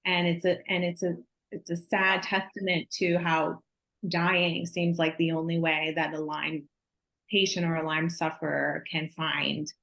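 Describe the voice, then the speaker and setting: A woman co-hosting a podcast, asking questions in an empathetic, measured way. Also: low voice, level tone, gravelly, a bit bright, low-quality recording. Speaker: guest co-host. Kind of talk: podcast interview.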